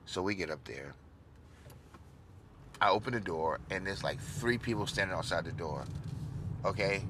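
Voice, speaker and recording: A man telling a rambling, animated personal story as a casual vlog, swearing as he goes, recorded in a car. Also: deep voice, moderate pace. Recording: loud car and road noise.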